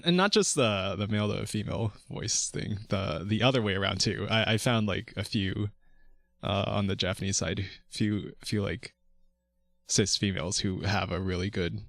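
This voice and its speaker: A man's voice: on the low side, a bit bright, no room sound, studio quality. A man streaming as a vtuber, chatting casually and rambling through restarts and swearing about voice technique. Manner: rambling, frequent restarts, swears, laughs between words. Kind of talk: casual chat.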